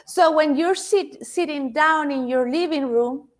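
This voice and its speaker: High-voiced woman with a non-native accent. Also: unhurried. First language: not English. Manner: chatty, repeats words, speaks to the audience directly. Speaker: speaker giving a self-help talk. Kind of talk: interactive motivational talk.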